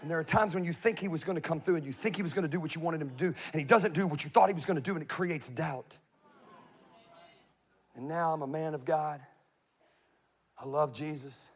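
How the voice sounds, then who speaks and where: A middle-aged male pastor preaching a humorous sermon, swinging from hushed confession to shouted scripture readings. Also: fairly high pitch, husky.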